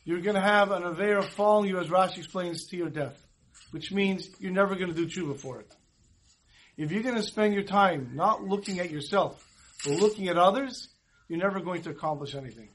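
A man's voice: sits high, fairly quick, fairly bright tone, a little hiss or hum. A man teaching a Torah class, telling stories conversationally and mixing in Hebrew and Yiddish terms. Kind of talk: storytelling sermon.

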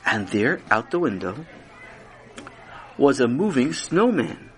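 A man narrating a children's story with animated, dramatic storytelling. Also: medium pitch, a little slow, long pauses.

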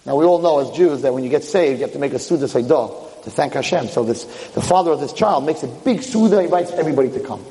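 A man's voice: a little high, a little mellow. A man giving a storytelling sermon, acting out the characters of his tale in shifting voices. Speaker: rabbi giving a lecture. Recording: hall reverb.

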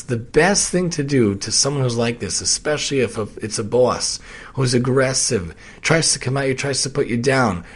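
A man, an occupational therapist, talking earnestly and casually about handling difficult people, repeating phrases and swelling into loud emphatic bursts. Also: mid-range voice. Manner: earnest, repetitive, builds to loud emphatic peaks. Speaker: occupational therapist sharing reflections. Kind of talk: casual spoken reflection.

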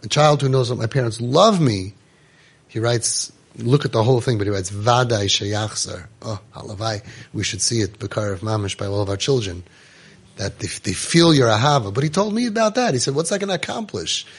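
A man's voice: fairly low pitch, expressive, moderate pace, slightly rough. A man, giving a storytelling Torah class full of Yiddish and Hebrew words and rhetorical questions. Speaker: rabbi giving a Torah talk.

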